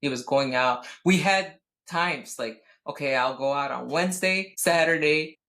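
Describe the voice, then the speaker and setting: A woman in her thirties co-hosting a podcast, telling a personal story in casual chat, blunt and profane, with animated outbursts. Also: low-pitched, measured pace. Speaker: podcast co-host.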